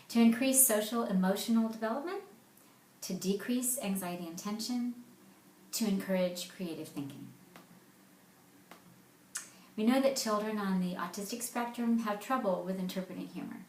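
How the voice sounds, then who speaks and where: A woman talks through a lesson at a middle pitch, reading jokes aloud with lively, playful emphasis. Her voice rings a little in an echoey room. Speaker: speech therapist presenting a therapy game. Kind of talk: explanatory presentation.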